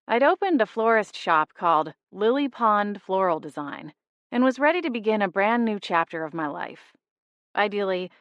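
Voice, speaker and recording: A woman's voice: mid-range voice, a bit bright, no echo. Dry, close-read female audiobook narrator. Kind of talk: first-person audiobook narration.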